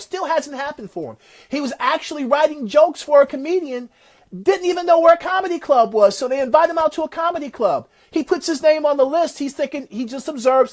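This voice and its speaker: A man giving a motivational talk, retelling a success story in an animated, preacher-like way. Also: very high-pitched. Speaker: motivational speaker.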